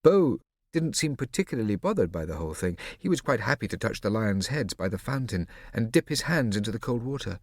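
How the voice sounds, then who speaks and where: A man narrating an audiobook in a measured, expressive storytelling manner. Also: on the low side, no echo, studio quality. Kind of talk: scripted narration.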